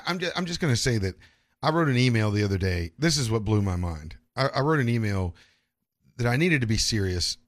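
A man hosting a casual podcast, rambling with frequent restarts and swearing. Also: fairly low pitch.

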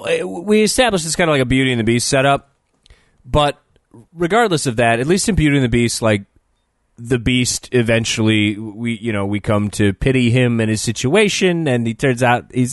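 Male podcast co-host, middle pitch, dry close recording, swears freely, exasperated and laughing. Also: no echo. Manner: profane, exasperated, laughs often. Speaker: podcast co-host reviewing a film. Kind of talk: casual comedic chat.

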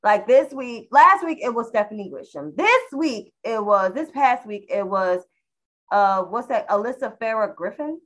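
A woman's voice: fairly high pitch, expressive, moderate pace, a bit bright, low-quality recording. Exasperated woman ranting on a panel. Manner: heated, swearing, exasperated ranting. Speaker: podcast co-host. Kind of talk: casual panel chat.

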